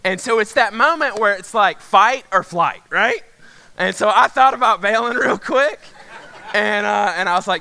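A preacher with a lilt tells a story from the pulpit. His pitch swings widely as he acts out voices. His tone is bright and ringing, and he drops to near-whispers before bursting out again. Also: moderate pace, vocal fry. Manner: animated storyteller, acts out voices, jumps from hushed to loud. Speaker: pastor. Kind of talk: sermon with a personal story.

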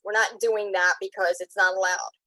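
A woman's voice: mid-range voice, steady tone, moderate pace, bright, forceful tone, no echo, rough recording. A woman guest on a podcast, telling a heartfelt personal story in a rambling way, tearing up as she talks. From Pennsylvania. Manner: rambling, heartfelt, breaks up tearfully.

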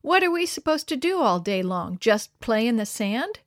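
A woman's voice: fairly high pitch, very animated, moderate pace, dry recording, clean studio sound. A woman voicing a mocking boy ringleader. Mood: taunting. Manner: sarcastic, mocking. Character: cocky taunting boy ringleader.

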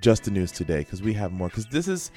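Low-voiced male podcast co-host. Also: fast talker, soft background music. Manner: rambling, animated, jokey. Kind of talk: casual news chat. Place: local radio studio.

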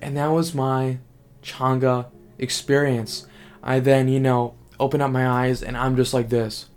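A young man talking casually to camera as a vlogger, rambling and excitable, full of fillers and swearing. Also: medium pitch, unhurried, clear, resonant tone.

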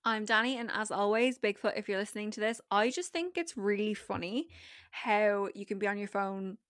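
A woman's voice: mid-range voice, moderate pace, fairly bright tone, no echo, studio quality. A woman co-hosting a podcast in casual chat, blunt and giggly, swearing casually. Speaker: podcast co-host.

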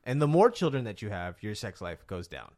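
A man's voice: fairly low pitch, fairly quick. A man hosting a casual podcast chat, telling stories with lots of laughter and acted-out voices. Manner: animated storyteller, laughs often, acts out voices in anecdotes. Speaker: podcast host.

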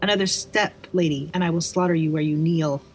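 A woman's voice: deep voice, fairly even intonation, brisk, faint music behind, rough recording. A woman voicing a proud, threatening male vampire lord who speaks with cold command. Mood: menacing.

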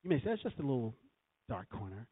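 A man's voice: mid-range voice, very animated, quick pace, breathy edge, dry recording. Man preaching a sermon over a tinny line. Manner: storytelling, quoting scripture with emphatic swells. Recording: tinny phone-like recording.

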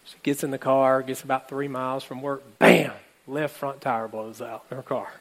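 A man's voice: mid-range voice, normal speed. A male pastor preaching a sermon, telling a story and acting out the characters' lines while speaking to his congregation. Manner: animated, acts out characters' lines, addresses congregation.

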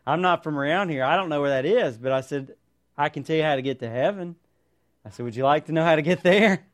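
High-voiced man preaching a sermon. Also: fast talker. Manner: earnest storytelling, rhetorical questions to the congregation. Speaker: pastor. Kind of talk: sermon with personal stories.

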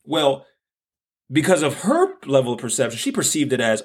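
A man's voice: mid-range voice, wildly swooping pitch, normal speed, slightly rough. A man hosting a podcast, telling a personal story in an earnest, reflective way and repeating phrases for emphasis. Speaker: podcast host.

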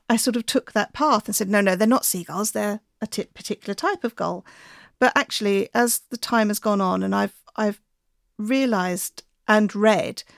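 Relaxed woman with a gravelly voice. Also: mid-range voice, no room sound, studio quality. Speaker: bird enthusiast guest. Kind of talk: casual podcast chat.

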